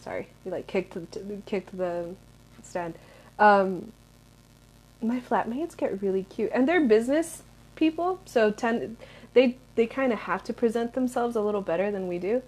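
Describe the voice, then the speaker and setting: A woman's voice: mid-range voice, measured pace, darkish tone. Chatty young American woman vlogging. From United States. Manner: rambling, chatty, many fillers and restarts. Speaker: vlogger answering viewer questions. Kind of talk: casual Q&A chat.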